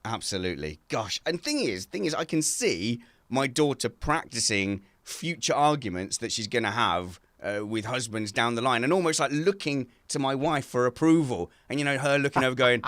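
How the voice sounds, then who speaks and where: A man co-hosting a casual chat from home over a video call, telling animated stories and laughing often. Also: medium pitch, moderate pace, few pauses, dry recording. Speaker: podcast co-host.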